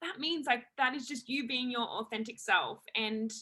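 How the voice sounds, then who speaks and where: A woman hosts a webinar over a video call, her voice high and bright with a sharp edge. She talks in a chatty, encouraging way, full of "like" and "um". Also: moderate pace. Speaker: webinar host. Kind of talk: casual hosting on a video call.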